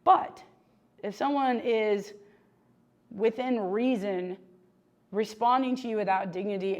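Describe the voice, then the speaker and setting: A woman giving a relaxed, conversational sermon at a middle pitch. She talks in a chatty, animated way, full of fillers and quick asides to the people listening. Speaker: preacher.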